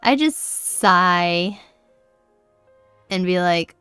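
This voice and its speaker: A woman's voice: medium pitch, animated, unhurried, a bit bright, clear, resonant tone, no echo, soft background music. A woman streamer chatting casually during a game, giggly and apologetic, talking close to her mic. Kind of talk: casual gaming livestream chat. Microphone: close desk mic.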